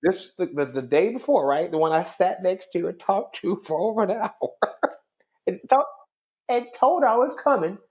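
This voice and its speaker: A middle-aged man, a judge, telling a story in an interview in a calm, wry, conversational way. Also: sits high, normal speed.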